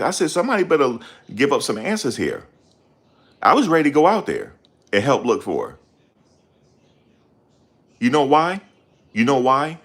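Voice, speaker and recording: A middle-aged man hosting his channel, talking in a loud, confrontational, profane rant. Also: medium pitch, big pitch swings, normal speed, long pauses. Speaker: channel host. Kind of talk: ranting livestream commentary.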